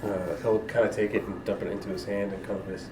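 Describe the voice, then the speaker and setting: Low-voiced man joking at a tabletop game. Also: flat delivery, fast talker, background noise. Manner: easygoing, joking. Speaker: player.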